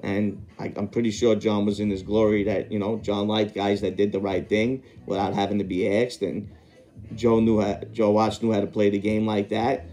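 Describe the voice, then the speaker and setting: This podcast host is a man with a mellow, somewhat low voice who speaks at normal speed in a level tone. He rambles through a long story casually, wandering off, correcting himself and stopping to remember the details.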